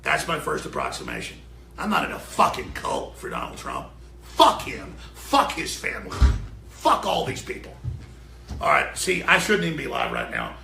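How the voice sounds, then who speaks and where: Angry host man, raspy gravelly voice, high and swooping pitch, cursing and shouting, echoey studio. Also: huge pitch swings, normal speed, a little hiss or hum. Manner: profane, shouting, furious. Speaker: radio and web show host. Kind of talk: angry off-air rant before a live broadcast. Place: broadcast studio.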